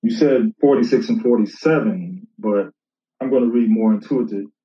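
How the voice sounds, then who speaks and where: A man's voice: on the low side, normal speed. A man, a minister, casually rebutting critics and reading scripture aloud, repeating himself and talking straight to his opponent. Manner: conversational, repeats himself, addresses an opponent directly. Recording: roomy, distant, dull lo-fi sound.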